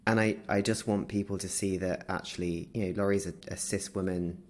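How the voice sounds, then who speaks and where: Man, lower register, chatty guest spinning an anecdote, faint hiss behind. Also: a little fast. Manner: lively anecdotal storytelling, laughs through it. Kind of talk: casual interview chat.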